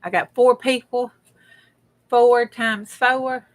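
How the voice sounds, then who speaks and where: A woman's voice: a little high, fairly even intonation, takes it slowly, a little hiss or hum. A middle-aged woman, hosting a casual crafting livestream. She rambles in a folksy way and greets viewers by name as she works. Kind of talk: casual chat while crafting.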